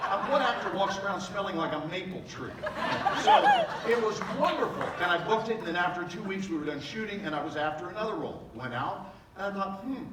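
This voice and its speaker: A man in his sixties giving a live motivational talk, telling comic stories in a playful, animated way with bursts of emphasis. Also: high voice, quick pace. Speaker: motivational speaker. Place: large event hall before a live audience. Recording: echoey hall, from far off, with noise.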